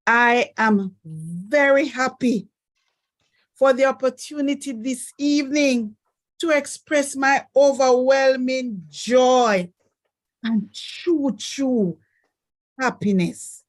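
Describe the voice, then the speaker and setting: A woman giving a measured, formal testimony on an online call. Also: high-pitched. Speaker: call participant.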